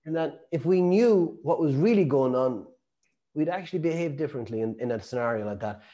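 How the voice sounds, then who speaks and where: A man's voice: a little high, lively intonation, a little fast, warm tone, muffled recording. A middle-aged man teaching a sales class, telling chatty stories and acting out quotes. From Ireland. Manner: chatty storytelling with laughs and acted-out quotes. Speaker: sales trainer. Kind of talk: lecture to a live group.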